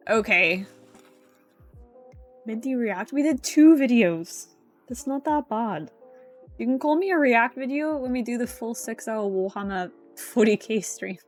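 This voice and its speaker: A woman streamer chatting casually and playfully teasing her chat during a live stream. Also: on the high side. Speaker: VTuber streamer.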